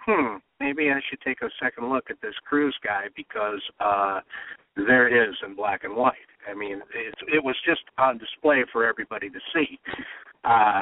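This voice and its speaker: A man's voice: medium pitch, gravelly, dry recording. Heated, emphatic male talk radio host. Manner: emphatic, heated, building to near shouts. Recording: tinny phone-line sound.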